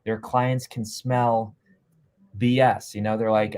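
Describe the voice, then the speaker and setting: A man hosting a live stream interview, talking with energetic, salesy push and repeating himself. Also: lowish voice, takes it slowly, clean tone. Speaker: host.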